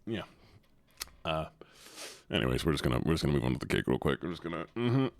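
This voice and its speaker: A man's voice: rumbling low, sing-song, quick pace, gravelly. A man streaming live, reacting to viewer submissions in casual chat, often sighing, swearing and repeating himself in exasperation.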